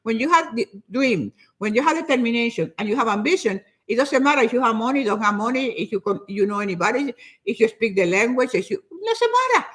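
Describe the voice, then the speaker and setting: An older woman giving a motivational talk in an animated, preachy way, often repeating herself for emphasis. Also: fairly high pitch, quick pace. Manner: acts out other people's nagging voices. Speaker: motivational speaker.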